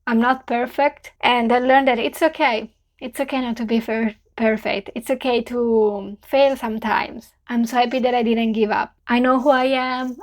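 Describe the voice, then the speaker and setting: Earnest young Italian woman, bright voice. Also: fairly high pitch. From Italy. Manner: earnest, heartfelt, simple non-native phrasing. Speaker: vlogger. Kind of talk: reflective farewell vlog.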